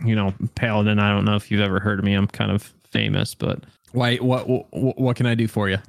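A man voicing a gruff tiefling paladin on horseback who grumbles and swears about his sore back. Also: lowish voice, flat delivery, a little fast, dry recording, studio quality. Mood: aloof.

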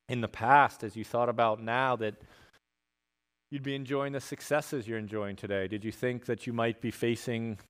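A male pastor, preaching a sermon from a church stage in a relaxed, conversational way with bits of slang. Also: mid-range voice.

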